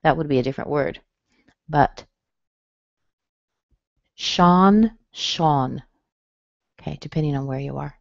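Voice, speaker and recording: An American woman teaching pronunciation in a webinar lesson, speaking slowly and clearly and modeling sounds. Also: rumbling low, little pitch movement, a little mellow, no echo, highs cut off.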